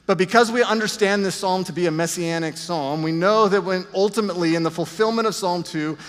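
A man's voice: sits high, a little fast, long reverb tail. A man preaching a sermon, earnest with self-deprecating asides. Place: church.

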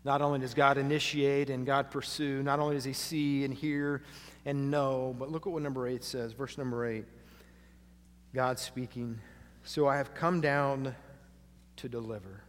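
A man preaching a sermon as pastor, dropping to hushed lines and rising to loud, emphatic ones. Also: mid-range voice, little pitch movement, normal speed. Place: church sanctuary. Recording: long hall reverb.

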